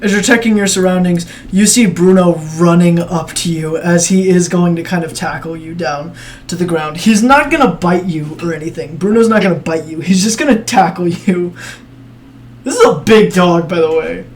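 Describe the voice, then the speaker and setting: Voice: medium pitch, moderate pace, a little hiss or hum. A game master narrating a tabletop game casually, in a laid-back way, often laughing and trailing off with fillers.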